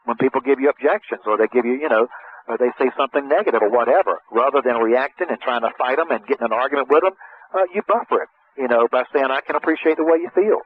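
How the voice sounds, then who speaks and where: Folksy sales trainer on a phone line. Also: male voice, medium pitch. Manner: folksy, animated, acts out sales dialogue in raised voice. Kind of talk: conversational coaching talk. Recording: tinny phone-line sound with faint hiss.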